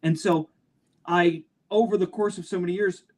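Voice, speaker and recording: A man talks on a panel discussion. His delivery is clear, crisp and measured, each word set down carefully. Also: high-pitched, steady tone, darkish tone.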